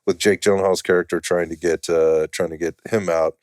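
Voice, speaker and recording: Deep-voiced male podcast host. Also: little pitch movement, fairly quick, a little mellow, no echo, clean studio sound. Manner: affirming, laughs along, short interjections. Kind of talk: casual podcast conversation.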